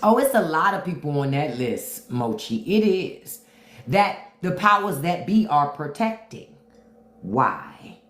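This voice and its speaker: A woman's voice: deep voice, very animated, slow, fairly bright tone, echoey room. A woman hosting a casual livestream, talking bluntly and profanely and answering viewer comments. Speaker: livestream host.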